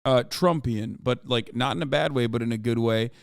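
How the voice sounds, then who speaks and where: A man's voice: medium pitch, moderate pace, creaky, clean tone, no echo, studio quality. A man streaming casual commentary as he reacts to news clips, sarcastic and profane.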